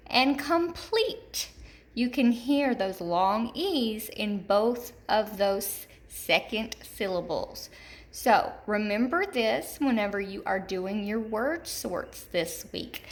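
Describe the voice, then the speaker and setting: A woman teaching a third grade word study lesson, enunciating slowly and repeating example words for young children. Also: mid-range voice. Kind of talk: recorded remote lesson.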